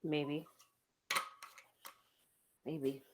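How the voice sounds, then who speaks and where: A woman plays a tabletop game in a low, mellow voice. She banters casually in character, hesitating often and filling her sentences with filler words. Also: flat delivery, drawn-out words, a little hiss or hum.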